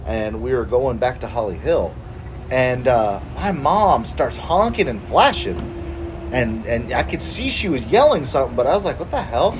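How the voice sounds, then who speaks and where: A woman in her forties, co-hosting a podcast, telling a story in casual chat, animated and freely swearing. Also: extremely low pitch, moderate pace, noisy background. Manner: animated, acts out quoted voices, swears freely. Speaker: podcast co-host.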